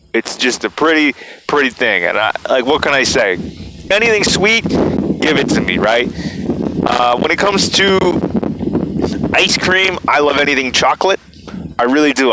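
Guy podcasting, bright crisp voice, kinda dull lo-fi mic, rambles on with lots of "like". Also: medium pitch, slight background noise. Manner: rambling, fond of fillers and playful asides. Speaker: podcast host. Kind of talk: casual monologue.

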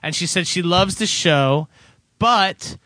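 Male podcast co-host, high bright voice, lively exasperated rants, dry close mic. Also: no echo. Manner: animated, exasperated ranting, quick to laugh. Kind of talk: casual podcast banter.

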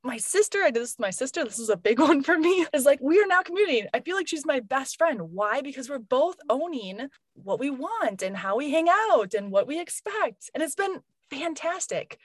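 A woman in her thirties, a professor and mother of three, chats casually in a high, brisk voice with few pauses and no echo. She's animated, acts out what others say, and laughs often.

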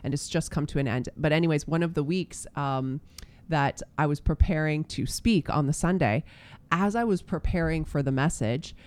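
A man, a pastor, telling a personal faith story in casual chat, earnest and halting with many fillers and restarts. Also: on the high side, darkish tone.

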